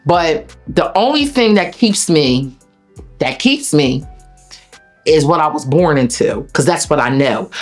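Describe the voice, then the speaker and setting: A woman with a Delaware accent, an interview guest telling a personal story in a blunt, profane, animated way. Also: low voice. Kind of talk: emotional storytelling.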